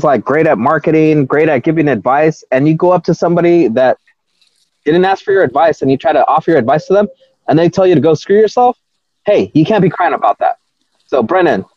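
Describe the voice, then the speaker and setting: A man's voice: on the high side, a little mellow, no room sound. Ranting man on a dull lo-fi line. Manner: mocking, ranting. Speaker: podcast co-host. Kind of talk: casual rant. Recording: dull, dry lo-fi sound.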